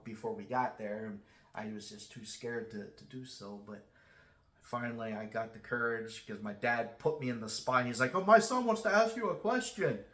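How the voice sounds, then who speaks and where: A man hosting his own channel, telling a personal story in a casual, halting way with many restarts. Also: on the low side, fairly bright tone, echoey room. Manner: self-described shy. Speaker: channel host.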